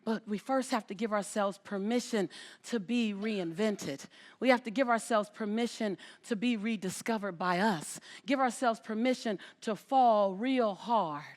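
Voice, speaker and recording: A woman's voice: medium pitch, measured pace. A woman giving an inspirational talk on stage before a live audience, speaking emphatically, repeating her phrases and calling out to the crowd. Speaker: motivational speaker.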